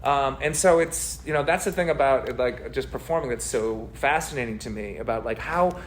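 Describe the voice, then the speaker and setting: A man, a community theater actor, chatting as an interview guest in an energetic, rambling way full of fillers and tangents. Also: mid-range voice, moderate pace. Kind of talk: casual interview chat.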